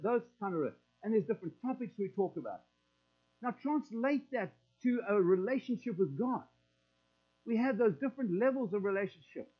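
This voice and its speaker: A middle-aged man preaching a sermon in a folksy, conversational way, acting out prayers in quoted voices. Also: high voice. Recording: tinny phone-like line with mains hum.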